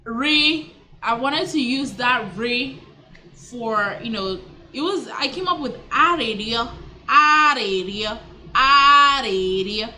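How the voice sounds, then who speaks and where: A woman's voice: a little high, lively intonation, pushed and bright. A woman teaching words in a casual vlog lesson, repeating each word and correcting herself as she goes. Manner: repeats words slowly, self-correcting, chatty. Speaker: language teacher.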